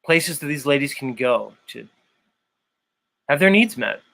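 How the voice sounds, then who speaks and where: A man's voice: mid-range voice, animated, a little slow, vocal fry, pushed and bright. Rambling, opinionated male show host. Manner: rambling, loose and opinionated, many fillers. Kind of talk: casual livestream chat.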